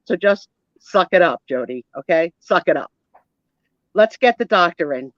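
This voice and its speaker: A woman's voice: fairly low pitch, lively intonation, no room sound, close to an everyday voice. Woman doing a blunt, stern nurse. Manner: brisk, scolding, matter-of-fact. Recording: dull lo-fi dry sound.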